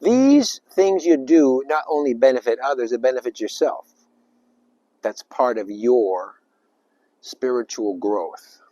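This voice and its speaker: A man giving an informal spiritual talk, rambling and emphatic, with sudden loud bursts and little acted-out voices. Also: mid-range voice, animated, slow pace, no echo, dull audio. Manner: acts out little voices and sounds. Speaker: spiritual speaker.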